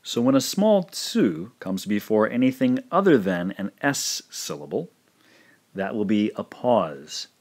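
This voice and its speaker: Guy teaching a language lesson, slightly low voice, slow and careful, says words over and over. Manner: slow, careful, repeats pronunciations. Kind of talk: recorded lesson narration.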